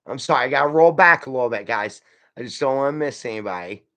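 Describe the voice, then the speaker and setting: A man's voice: medium pitch, expressive, quick pace, sharp tone. A man hosting a casual live stream, rambling and folksy as he reads out viewer comments and answers them. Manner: folksy, calls viewers friend and y'all.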